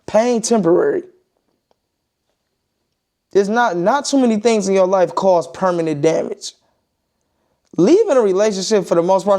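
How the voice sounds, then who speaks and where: A man's voice: sits high, warm tone. Blunt, profane young-sounding man venting. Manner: blunt and profane, repeating points, emphatic. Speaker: vlogger giving opinions. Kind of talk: casual opinion monologue.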